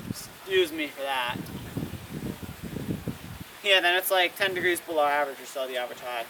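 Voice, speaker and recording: Guy with a high voice doing a casual weather vlog outside, kinda far from the camera, wind and cars behind. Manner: rambling, self-correcting, trying foreign words. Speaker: weather vlogger. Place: outdoors in wind. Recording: distant windy outdoor recording.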